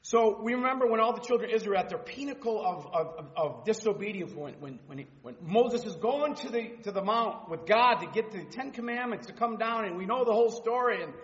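A man's voice: high voice, animated, brisk, few pauses, a bit bright, in a large hall, lo-fi sound. A man in his fifties teaching a Bible study in an informal sermon, telling personal stories and reading scripture aloud. He rambles, repeats words and restarts phrases, and raises his voice for scripture.

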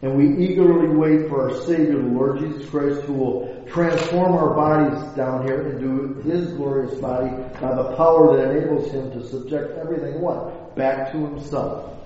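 In a mellow, mid-range voice with a steady tone and normal speed, a man delivers a folksy, informal Bible talk that wanders and is full of rhetorical questions. The recording is dull and lo-fi, with faint hiss and the echo of a hall.

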